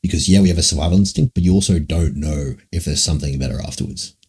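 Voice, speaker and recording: Dude with a super low husky voice rambling thru chat questions on stream, swears a lot. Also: male voice, fast talker, a little mellow. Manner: rambling, musing, frequent swearing. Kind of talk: casual livestream Q&A.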